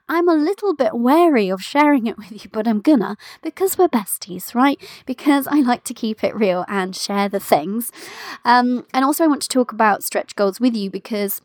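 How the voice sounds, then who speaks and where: Casting: bubbly woman host in her thirties, higher voice, dry close mic, casual solo podcast chat. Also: animated, normal speed, darkish tone, no room sound. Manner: chatty, giggly, affectionate, addresses listeners as "my love". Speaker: podcast host and business coach for mothers.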